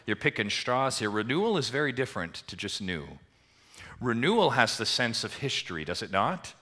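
A man preaching a sermon to his church congregation, asking rhetorical questions and swinging between emphatic swells and quiet drops. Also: medium pitch, very animated, normal speed, husky. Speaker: pastor.

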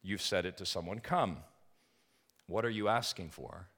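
A man preaching a sermon in an earnest way, asking the congregation questions and swinging from emphatic peaks to soft, quiet lines. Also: low voice, normal speed. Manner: asks the congregation rhetorical questions. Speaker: pastor.

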